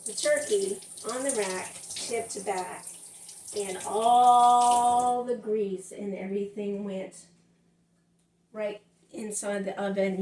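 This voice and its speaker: A rambling middle-aged woman with a Southern US accent, chatting away as she cooks. Her voice sits a touch high and reaches the camera from across the room. The kitchen sounds echoey, with a faint hum underneath. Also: a little mellow, far from the mic. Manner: chatty, rambling, talks to viewers as y'all. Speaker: cooking vlogger. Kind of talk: casual kitchen vlog chat. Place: home kitchen.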